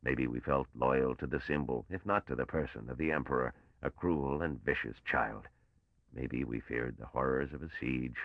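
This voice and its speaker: An older man's voice, played by a man, as a bitter and weary old patrician who speaks slowly. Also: a bass voice, vocal fry, no echo, highs cut off, exaggerated voice.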